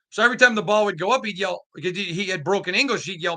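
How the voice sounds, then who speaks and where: A man's voice: high voice, fast, hardly any pauses, sharp tone. A man hosting a sports podcast, talking emphatically and animatedly with lots of restarts and asides. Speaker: podcast host. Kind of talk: casual sports commentary.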